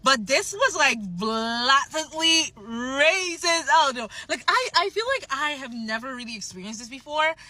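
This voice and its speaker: A young woman who works in sales, telling a story to camera in a casual, expressive way, with some swearing. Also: high-pitched, unhurried, hardly any pauses.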